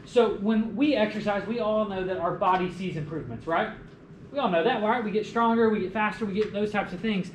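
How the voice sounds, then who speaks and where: A young man giving a lively college lecture, joking and asking the class questions. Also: high-pitched, fairly quick. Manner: animated, jokey, asks the class questions. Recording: echoey classroom with faint room noise.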